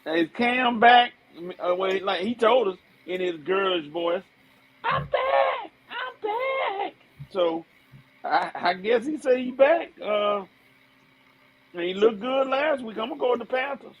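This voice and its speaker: A man who is a coach hosting a sports show, animated and playful. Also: high voice, normal speed, dull audio. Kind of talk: casual sports chat.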